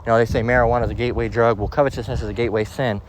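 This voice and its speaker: A man teaching from the Bible in a casual way, out of breath as he walks outdoors and slowing down to read verses aloud. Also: mid-range voice, fairly even intonation, slight background noise, rough recording. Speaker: preacher. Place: outdoors, walking near traffic.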